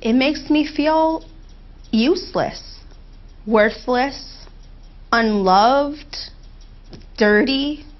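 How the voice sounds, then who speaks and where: Woman, therapy client, heartfelt, halting pauses, fairly high voice, dull lo-fi sound. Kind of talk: emotional therapy role-play.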